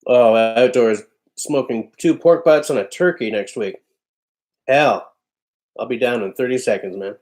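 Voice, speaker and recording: A man hosts a livestream from his home, chatting in a loose, offhand manner as he reads out what viewers write. His voice sits at an ordinary middle pitch. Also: a little slow, a little mellow. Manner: loose, chatty and offhand, often breaking into laughter. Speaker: livestream host. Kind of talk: casual chat reading out viewer comments.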